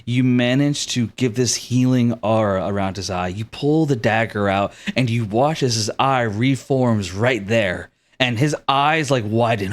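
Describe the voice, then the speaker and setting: A man narrating as game master of a tabletop game in a casual, slangy way with halting restarts. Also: mid-range voice.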